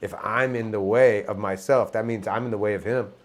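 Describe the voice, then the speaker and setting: A middle-aged musician in casual conversation, talking reflectively and telling animated stories. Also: male voice, fairly low pitch, brisk. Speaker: musician guest.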